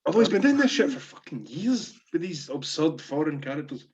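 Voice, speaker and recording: A man's voice: fairly high pitch, very animated, a little fast, a little mellow, breathy edge. A man co-hosting a podcast, swearing and joking in casual banter. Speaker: podcast co-host. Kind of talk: casual chat. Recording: dull lo-fi sound.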